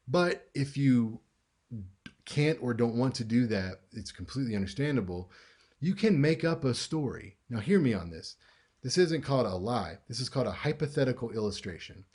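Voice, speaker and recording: A man teaching a recorded class lecture in a conversational way, acting out example lines with lively shifts in tone. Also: mid-range voice.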